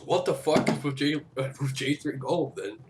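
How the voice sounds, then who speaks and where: A man giving casual, excitable commentary over a game, swearing freely and breaking into laughs and shouts. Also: normal speed. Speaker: gameplay commentator. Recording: noisy low-quality game capture audio.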